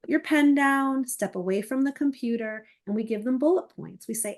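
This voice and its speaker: Speaking at an ordinary pace in a high-placed voice, a middle-aged essay coach describes her process during an interview. She's lively about it, performing the emails and parents she quotes.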